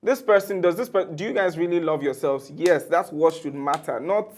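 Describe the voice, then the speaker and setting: Animated male talk show guest, higher voice. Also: moderate pace. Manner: animated, laughs while talking. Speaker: guest, media personality. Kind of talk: casual studio discussion.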